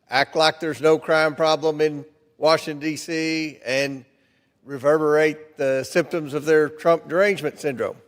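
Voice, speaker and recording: A man making a formal closing statement in a floor debate, measured and combative. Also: on the high side, a bit bright. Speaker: congressman managing a bill. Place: large legislative chamber. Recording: long reverb of a large chamber.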